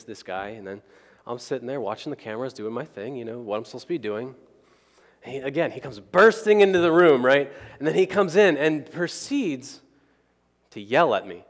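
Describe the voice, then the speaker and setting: A man telling a personal story as a sermon, chatting with the crowd and checking in with "right?" after nearly every point. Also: medium pitch. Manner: conversational, keeps asking the crowd "right?". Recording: long hall reverb.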